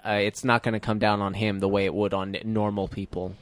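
A man's voice: on the low side, flat delivery, fast, no room sound. A man in a casual movie commentary chat, thoughtful and analytical, hedging as he reasons. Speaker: podcast co-host.

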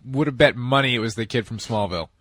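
A man's voice: mid-range voice, fast talker, fairly bright tone, dry recording. Guy on a movie commentary, kinda confused, asking stuff. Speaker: commentary co-host. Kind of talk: casual commentary chat.

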